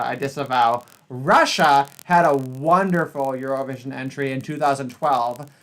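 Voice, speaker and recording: A man hosting a podcast, chatting casually, with a profane and animated ranting manner. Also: on the high side. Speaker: podcast host. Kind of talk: casual chat.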